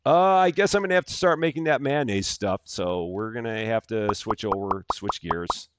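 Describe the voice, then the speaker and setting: A man's voice: lowish voice, normal speed, noisy background. A man hosting a live game stream, chatting casually and greeting viewers by name with upbeat lifts in his voice. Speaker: livestream gaming host.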